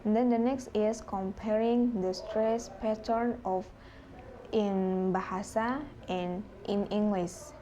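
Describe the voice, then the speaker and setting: Slow, halting woman. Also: medium pitch, fairly even intonation, warm tone, slight background noise. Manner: halting, with fillers and self-corrections. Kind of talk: classroom presentation on phonology.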